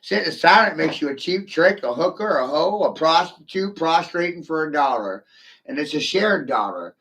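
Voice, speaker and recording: A man's voice: on the high side, expressive, moderate pace, fairly bright tone. A man delivering a rambling, profane, mocking solo rant to the camera.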